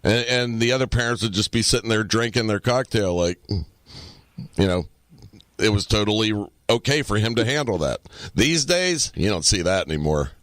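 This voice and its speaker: A man's voice: on the low side, lively intonation, normal speed, a bit bright, no room sound. A man co-hosting a podcast, chatting casually and telling profane stories, acting out the people he quotes. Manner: storytelling, profane, acts out quotes. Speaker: podcast co-host. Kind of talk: casual chat.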